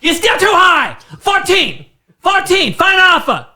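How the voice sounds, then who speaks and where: A man voicing a pushy older woman who haggles over prices in clipped, broken phrases and shouts. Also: very high-pitched, huge pitch swings, measured pace, voice pushed up, heavily acted. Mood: insistent. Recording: roomy echo.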